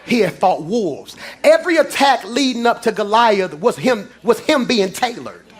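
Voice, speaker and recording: Man, pastor, high voice, shouted preaching then quiet storytelling, church sermon. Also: big pitch swings, normal speed, a little hiss or hum. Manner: swings between shouted preaching and low confiding talk. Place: church before a congregation.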